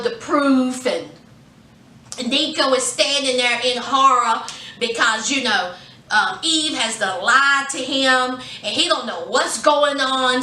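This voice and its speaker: A woman recaps a TV episode in a chatty storytelling way, slipping into quoted lines as she retells each scene. Her voice sits high and bright. The sound is roomy and a little distant from the mic. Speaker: TV series reviewer. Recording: echoey room, away from the mic.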